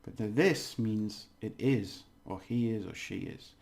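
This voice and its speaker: Low gravelly man teaching casually. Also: darkish tone. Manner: chatty, laughs often, repeats words slowly to model them. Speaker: language teacher. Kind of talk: casual video lesson.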